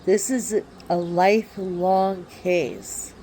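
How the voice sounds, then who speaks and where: A woman vlogging casually from her backyard on her phone, talking in an excitable, drawling way with sudden swings of emphasis. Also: fairly low pitch, unhurried, slight background noise. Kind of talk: rambling casual monologue. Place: backyard by a wooded area, outdoors.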